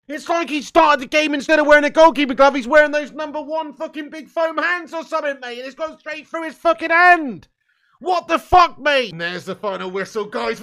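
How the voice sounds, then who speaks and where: A man's voice: extremely high pitch, sharp tone. A man ranting and swearing through a live football watchalong, full of exasperated outbursts. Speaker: football fan streamer.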